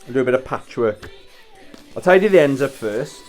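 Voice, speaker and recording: A man's voice: mid-range voice, lively intonation, a little fast, a little mellow, faint music behind. A Welsh man in his thirties telling a rambling story in casual chat, swearing and laughing as he wraps presents at home. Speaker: vlogger.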